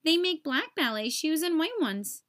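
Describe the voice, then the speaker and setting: A woman voicing a calm, reassuring father in a storybook read-aloud. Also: high voice, normal speed, pitched above the performer's own voice. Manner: patient, reassuring.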